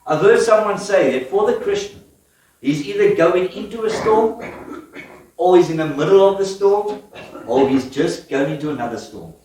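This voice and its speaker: Male preacher, high-pitched, animated storytelling sermon; distant mic in a reverberant church hall. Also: normal speed. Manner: lively storytelling with laughs and questions to the congregation. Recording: echoey church hall from afar.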